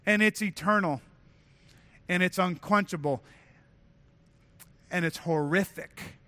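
A pastor preaches in a church. His voice sits high for a man and sounds bright and forceful. He talks earnestly and conversationally, often doubling back on his words. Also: slow, slight background noise. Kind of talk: sermon. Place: church sanctuary.

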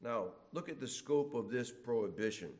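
A middle-aged man preaching a sermon, animated, acting out complainers in whiny voices. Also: medium pitch, normal speed.

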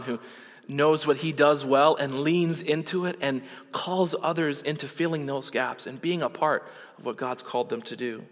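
A man's voice: fairly high pitch, fairly bright tone. Earnest man preaching in a reverberant hall. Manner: earnest preaching with rising rhetorical questions. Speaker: pastor. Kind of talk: sermon.

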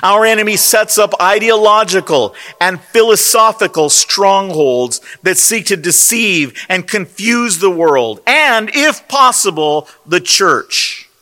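A man's voice: high voice, pushed and bright. A man preaching a sermon at a convention, emphatic and rhetorical, leaning hard on single words. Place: convention hall. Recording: long hall reverb.

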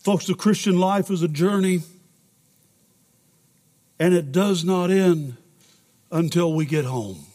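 A man's voice: sits high, slow, pauses often, warm tone. A man preaching a sermon as a pastor in a church sanctuary, emotional and at times urgent. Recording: long reverb in a large sanctuary.

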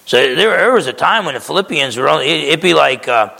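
A man's voice: a little high, lively intonation, fairly quick, vocal fry, few pauses, sharp tone, breathy edge, long reverb tail. A man preaching a sermon as pastor, conversational and emphatic, often checking in with his listeners.

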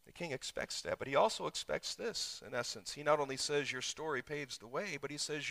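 Male pastor, sermon delivery; bright, slightly high voice; builds from hushed asides to loud emphatic peaks. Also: fairly quick, creaky, hardly any pauses. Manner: preaching with sudden surges in pitch and volume. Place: church.

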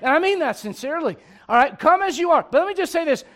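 A man preaching a sermon as pastor, moving from quiet conversational asides to shouted emphasis and laughing with his congregation. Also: very high voice, lively intonation, fast.

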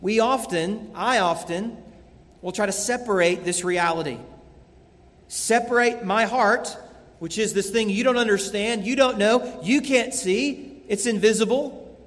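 A man's voice: sits high, a little slow, a bit bright. A man preaching a sermon as a pastor, earnest and emphatic, repeating key phrases. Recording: long hall reverb.

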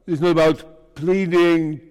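A man preaching a sermon to his congregation, speaking slowly in short, measured phrases. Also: fairly high pitch, fairly even intonation, a little mellow, clean tone. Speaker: pastor. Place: church. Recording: reverberant church hall.

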